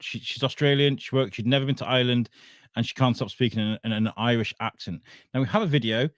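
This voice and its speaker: A man's voice: mid-range voice, quick pace, dry recording, clean studio sound. A man hosting a casual chat show, rambling and swearing, laughing a lot. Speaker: podcast host.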